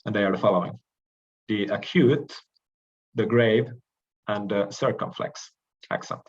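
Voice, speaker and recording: A man giving a recorded language lecture, explaining carefully with frequent pauses and restarts. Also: lowish voice, husky, muffled recording.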